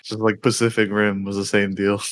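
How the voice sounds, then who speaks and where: Laid-back young man, low voice. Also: flat delivery, brisk, a bit bright, no room sound, studio quality. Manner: laid-back, laughs easily, slangy. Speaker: podcast co-host. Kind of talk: casual chat.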